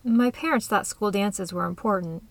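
A woman voicing a shy, lonely young female college freshman, speaking quietly and in a subdued way. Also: mid-range voice, normal speed, vocal fry, no room sound, close to an everyday voice.

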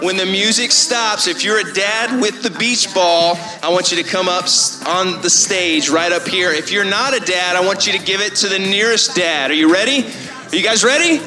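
A man leading a church crowd game, loud and excited, calling out to the crowd. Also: high-pitched, moderate pace. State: out of breath. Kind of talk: energetic stage hosting. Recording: echoey hall with faint music.

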